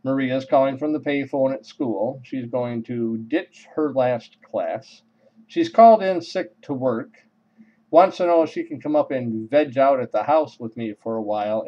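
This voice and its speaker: A man spinning a funny personal tale with dry, deadpan timing and well-placed pauses. His voice sits at an ordinary mid pitch. The recording sounds dull and lo-fi. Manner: wry, deadpan comic timing. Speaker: storyteller. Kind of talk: humorous personal storytelling.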